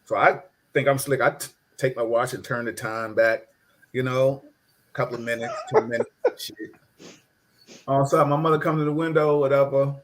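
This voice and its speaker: A man's voice: medium pitch, a little fast. A middle-aged man telling a childhood story in casual chat, laughing often and acting out the voices of the people in it. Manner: animated, laughing, acts out voices in his story.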